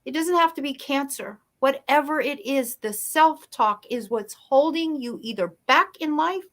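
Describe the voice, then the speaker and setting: Brief: woman guest, bright higher voice, storytelling, emphatic, video call. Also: expressive, a little slow. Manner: emphatic, storytelling, shifts pace for effect. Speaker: guest speaker. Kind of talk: motivational interview talk.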